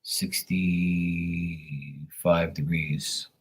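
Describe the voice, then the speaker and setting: A man with a very low, husky voice hosts a live stream. He talks in a loose, rambling way and swears freely. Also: little pitch movement, very slow, faint music behind. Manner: rambling, profane and laid-back. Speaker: livestream host. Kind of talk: casual chat.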